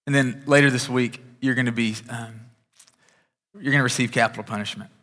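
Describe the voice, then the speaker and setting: A man's voice: mid-range voice, steady tone, a little fast, fairly bright tone. A male pastor preaching a sermon in a conversational way, often restarting his sentences. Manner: conversational, with frequent repeated starts. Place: church sanctuary. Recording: long reverb of a large hall.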